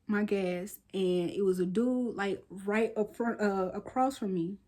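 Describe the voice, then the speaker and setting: A woman in her thirties chatting straight to her viewers in a relaxed daily vlog. She talks in an easy, slangy way, mixing lively storytelling with quiet, half-whispered side comments. Her voice sits at a medium pitch for a woman. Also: a little slow. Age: 30s. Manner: chatty and animated, with slangy asides and playful soft whispered quips. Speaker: lifestyle vlogger.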